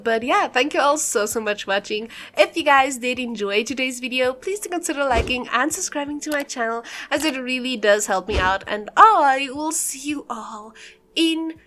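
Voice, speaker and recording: Young woman, high voice, casual voiceover, rambling, giggly, filler words. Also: pushed and bright. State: a bit out of breath. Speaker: YouTuber doing a game build voiceover.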